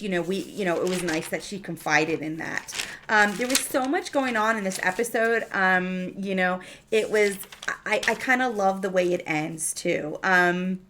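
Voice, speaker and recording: A woman's voice: mid-range voice, a bit bright, slight background noise. A woman reviewing a TV episode in a casual, chatty recap, full of fillers and restarts.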